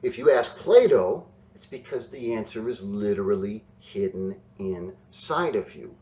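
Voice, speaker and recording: A male teacher giving a recorded lesson, explaining slowly and deliberately with emphatic stresses. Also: lowish voice, animated, mellow. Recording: roomy, distant, dull sound.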